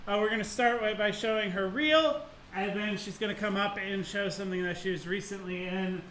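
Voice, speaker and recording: A man's voice: high voice, a little fast, poor audio. A man hosting a live film showcase, keen and revving up the audience. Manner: enthusiastic, hyping the crowd. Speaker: host. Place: live screening venue. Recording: loud crowd and venue noise.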